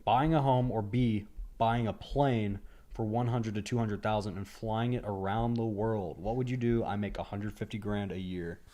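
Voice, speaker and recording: A man's voice: lowish voice, steady tone, moderate pace, dark tone. A man co-hosting a livestream, dryly chiming in and reading out viewer messages. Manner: dry, reads out viewer messages. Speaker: livestream co-host. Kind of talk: casual comedic chat.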